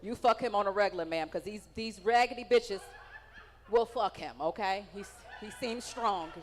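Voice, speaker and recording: A woman's voice: medium pitch, normal speed. Brash, profane woman doing stand-up. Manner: brash, profane, teasing the audience. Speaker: stand-up comedian. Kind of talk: stand-up comedy set with crowd work. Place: comedy stage in a large hall. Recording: live venue with long hall reverb.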